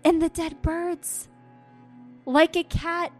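High-pitched woman telling a lively story. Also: takes it slowly, faint music behind. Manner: animated storytelling, acts out her own quotes with laughs. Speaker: podcast co-host telling her story. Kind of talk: casual chat.

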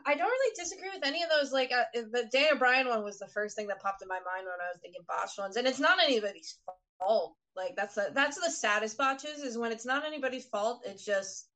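A woman co-hosting a wrestling podcast, talking in a relaxed, casual way. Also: fairly high pitch, a little fast, hardly any pauses, rough recording. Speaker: podcast co-host. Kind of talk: casual chat.

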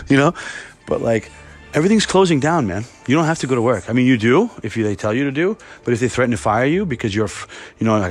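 A man hosting a podcast from home, in a rambling, heavily profane, animated rant. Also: mid-range voice, a little fast, husky, faint music behind. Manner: rambling, heavy swearing, animated. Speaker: podcast host.

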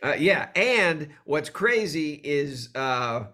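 A male comedian telling animated stories as a guest in an interview, acting out the voices he quotes. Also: a little high, slow. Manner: animated storyteller who acts out quoted voices. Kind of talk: storytelling in a conversational interview.

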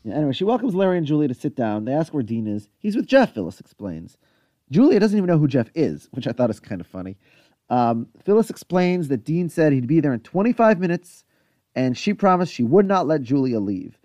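A man's voice: fairly high pitch, very animated, a little fast, warm tone, no room sound. A man co-hosting a podcast, casually recapping a TV episode in chatty detail with lots of asides. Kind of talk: casual chat.

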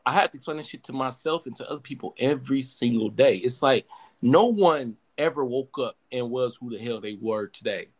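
A young man hosting a podcast in casual chat, talking in an animated, profane, emphatic way with many restarts. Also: medium pitch, brisk. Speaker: podcast host.

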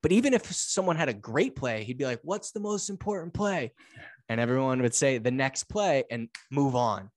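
A young man, a guest on an interview podcast, telling a personal story with halting repeats that build into excited bursts. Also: mid-range voice, no echo. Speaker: guest, motivational speaker.

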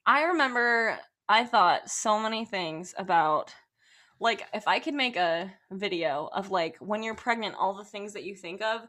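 A woman's voice: mid-range voice, measured pace. A young woman and mother, co-hosting a podcast and telling stories in casual chat, acting out quotes as she goes. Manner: animated storytelling with laughs and acted-out quotes. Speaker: podcast co-host, photographer.

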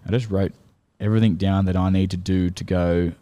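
A young man with an Australian accent and a very deep, low-pitched voice shares his story as a podcast guest. He talks in a loose, excited way, with plenty of swearing and casual fillers. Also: fairly quick. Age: young adult. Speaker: podcast guest, rugby league player. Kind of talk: casual chat.

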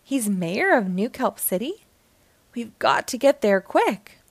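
A woman voicing a spirited adult female squirrel in a cartoon storybook, with loud, urgent exclamations. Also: fairly high pitch, sing-song, slow, gravelly, dry recording, full character voice.

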